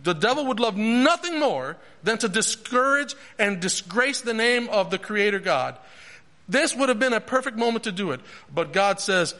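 A man preaching a sermon, asking questions aloud and retelling a story with animated, halting restarts. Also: high voice.

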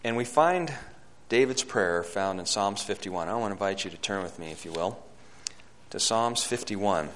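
A male preacher delivering a sermon, swinging between loud, fervent climbs and hushed, low passages, and reading scripture aloud in old-fashioned wording. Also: animated, moderate pace, a little hiss or hum. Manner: reads scripture aloud in King James wording.

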